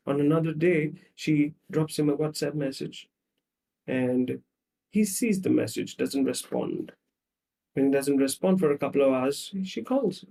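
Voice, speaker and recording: A male psychologist explaining ideas through animated storytelling and repetitive lists, acting out short scenes. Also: mid-range voice, normal speed, creaky, far from the mic. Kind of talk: explaining with acted examples.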